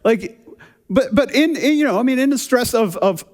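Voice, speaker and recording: A male pastor with a rather high voice talks through his sermon in a chatty, easygoing way, stumbling and repeating words as he goes. His voice rings out with the long reverb of a church sanctuary. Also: normal speed. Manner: relaxed, chatty, often repeats words as he restarts. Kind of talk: conversational sermon with a personal story.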